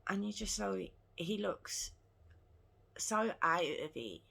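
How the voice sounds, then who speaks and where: Slow, gravelly-voiced woman vlogger. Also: mid-range voice, animated, a bit bright. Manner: earnest, retelling events in her own words. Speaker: true crime vlogger. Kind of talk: casual true crime storytelling.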